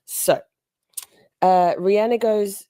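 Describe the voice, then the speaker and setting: A middle-aged woman tells a story on a live stream, chatty and animated, stopping to greet viewers. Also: medium pitch, takes it slowly, clean tone, no room sound, clean studio sound.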